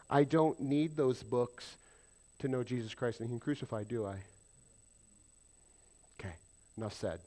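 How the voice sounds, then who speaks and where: This male pastor delivers a forceful sermon, asking the congregation questions and alternating booming stresses with hushed side remarks. His voice is mid-range.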